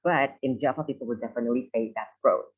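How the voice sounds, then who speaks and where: Young Indonesian-accented male student presenter, slightly husky, casual explainer, muffled recording. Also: medium pitch, fast talker. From Indonesia (Medan, North Sumatra). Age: young adult. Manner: explains with filler "okay?" and "um", imitates regional intonations. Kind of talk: informal presentation.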